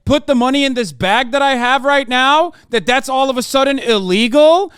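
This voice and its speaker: Sarcastic high-voiced male streamer. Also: fairly bright tone, clean tone, dry recording, clean studio sound. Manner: sarcastic, rambling, mocking. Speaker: livestreamer reacting to news. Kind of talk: casual live-stream commentary.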